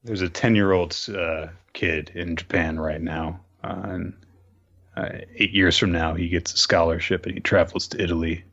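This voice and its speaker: A man co-hosting a casual podcast, telling jokes in a deadpan, rambling way with hesitant pauses. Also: deep voice, dull audio. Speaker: podcast co-host. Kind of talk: casual podcast chat, joking banter.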